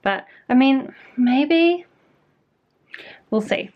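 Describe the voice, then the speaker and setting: A woman's voice: sits high, expressive, extremely slow. A young woman with a New Zealand accent chatting casually about her reading week, self-deprecating and full of fillers. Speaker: book vlogger. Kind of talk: casual vlog chat. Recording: slightly dull lo-fi sound.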